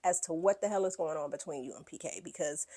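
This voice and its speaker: A woman's voice: low-pitched, fast, warm tone. Sassy female host, salty and blunt, breaking down a reality show. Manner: acts out quoted lines in put-on voices. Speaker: podcast host. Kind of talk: reality TV recap commentary.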